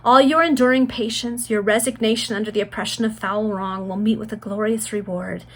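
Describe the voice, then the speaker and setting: A woman's voice: mid-range voice, fairly even intonation, brisk, a bit bright. A woman voicing a tender, prophetic dying young woman in a read-aloud gothic story, with an earnest, fervent delivery.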